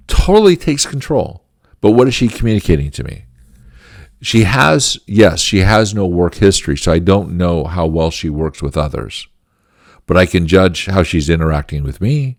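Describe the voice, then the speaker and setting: A middle-aged man with a deep, low voice tells a workplace story as a management lesson. He speaks earnestly and stresses his points. The recording is dry and close, with almost no room sound. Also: animated, normal speed, creaky, no room sound. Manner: earnest, emphatic storytelling with short laughs. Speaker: channel host teaching management.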